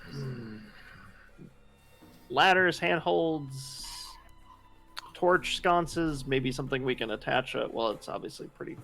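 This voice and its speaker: A man's voice: medium pitch, takes it slowly, vocal fry, pauses often, pushed and bright, soft background music, rough recording. A man playing a tabletop game, asking eager questions and filling his speech with "like". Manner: eager, questioning, filler-heavy ("like"). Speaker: player. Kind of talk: casual tabletop play.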